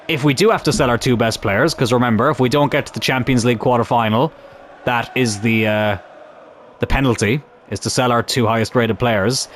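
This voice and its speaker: A young man commentating on his own football video game in a chatty, animated way, swearing mildly as he plays. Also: medium pitch, a little hiss or hum. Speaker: gaming YouTuber.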